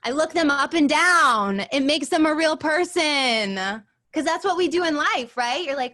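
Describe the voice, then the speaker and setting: A woman teaching an acting class in a chatty, animated way, acting out lines as she explains. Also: high-pitched, normal speed. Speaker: acting coach.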